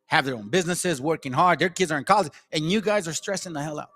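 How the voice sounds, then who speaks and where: High-voiced man rambling over clips. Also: fast, a bit bright. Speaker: commentator reacting to clips. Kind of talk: casual commentary on played clips.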